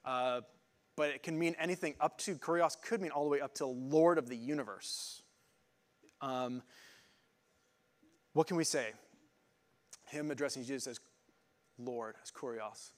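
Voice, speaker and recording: A male pastor delivers a conversational sermon, working through scripture and word meanings. He speaks informally, stopping and restarting, leaning on fillers as he thinks aloud, in a voice of ordinary middle pitch. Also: unhurried, long pauses.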